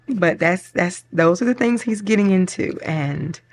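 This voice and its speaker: A middle-aged woman with a low-side voice speaks slowly as a planner vlogger, chatting casually and rambling while decorating her planner. She laughs often and gets choked up.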